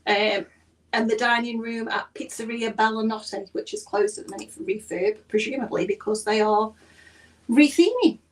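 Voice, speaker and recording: Woman podcast host, high-ish voice, chatty news reader with asides, mic set a bit far off. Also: normal speed. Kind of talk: casual podcast chat. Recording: distant mic.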